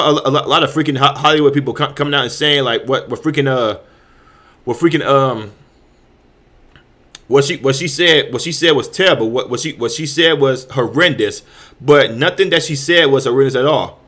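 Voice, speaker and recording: A male host ranting in heated commentary, his voice at a middle pitch for a man. He restarts his sentences over and over, repeating words as he pushes his point. Profanity runs through his delivery. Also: moderate pace, sharp tone. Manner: heated, repetitive, stammering restarts with frequent profanity.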